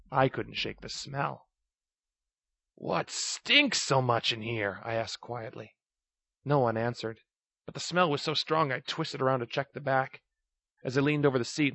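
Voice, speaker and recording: A man reading a first-person story aloud, raising his voice to act out the shouted lines. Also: mid-range voice, no echo. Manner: acts out shouted lines of dialogue. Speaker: narrator. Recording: dry, slightly dull recording.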